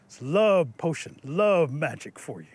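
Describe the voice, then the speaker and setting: A man voicing a blunt, knowing little male mole in a told folk tale, speaking slowly and low. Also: sing-song, a little mellow, husky, dry recording, heavily acted. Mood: grumpy, knowing. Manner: slow, low, matter-of-fact. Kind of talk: oral storytelling.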